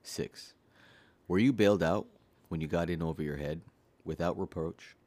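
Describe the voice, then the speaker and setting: A man reading a self-help book aloud, steady and earnest, speaking straight to the listener. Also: deep voice, normal speed, dry recording. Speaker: audiobook reader.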